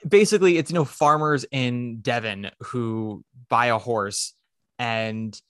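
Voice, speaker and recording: A man's voice: medium pitch, slow pace, fairly bright tone, smooth, no echo. Jokey guy rambling about a show, swears a lot, dead dry mic. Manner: rambling, jokey, swears, does silly voices. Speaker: podcast co-host. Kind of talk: casual chat.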